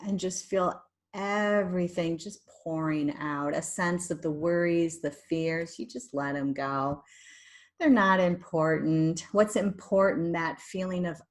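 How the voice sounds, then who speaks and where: A woman hypnotherapist leading a guided meditation in a soothing, drawn-out way, with breathy sighs. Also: on the low side, fairly even intonation.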